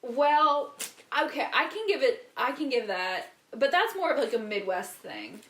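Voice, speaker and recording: A woman's voice: sits high, big pitch swings, measured pace, a bit bright, slight background noise. A woman hosting a podcast, chatting casually in a blunt, exaggerating way and often laughing. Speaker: podcast host. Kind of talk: casual chat. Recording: roomy echo.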